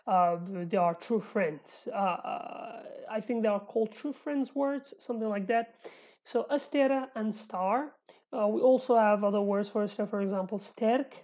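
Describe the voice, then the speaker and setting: Female Kurdish teacher, casual and self-correcting, warm low brightness, muffled home recording. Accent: Sulaymaniyah Kurdish. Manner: repeats words slowly, self-correcting, chatty asides. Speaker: language teacher. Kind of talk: casual vocabulary lesson.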